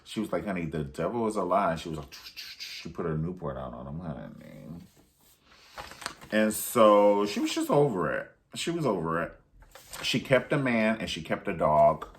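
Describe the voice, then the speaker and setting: A man's voice: low voice, very animated, a little slow, slight background noise. A man recapping a film in a sassy, profane, theatrical way. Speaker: film reviewer. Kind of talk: casual movie recap.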